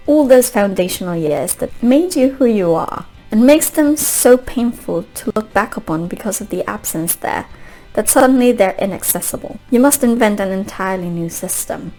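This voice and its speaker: A woman voicing a young, grieving British prince in a put-on British accent, reading a tender, poetic love letter slowly and wistfully. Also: mid-range voice, lively intonation, dark tone, soft background music, close to an everyday voice, poor audio.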